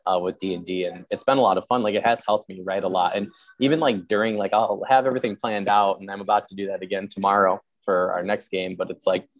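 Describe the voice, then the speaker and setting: A man's voice: low voice, steady tone, no room sound, muffled recording. A man hosting a podcast interview, chatting casually and rambling, with frequent strings of agreement. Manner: rapid, repeats "yeah", rambling. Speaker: podcast host.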